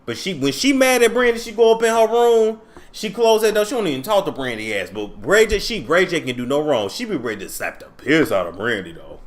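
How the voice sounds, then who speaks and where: A man hosting a casual reality TV commentary vlog, animated, laughing and gossipy. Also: a little high, fairly quick. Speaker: commentary vlogger.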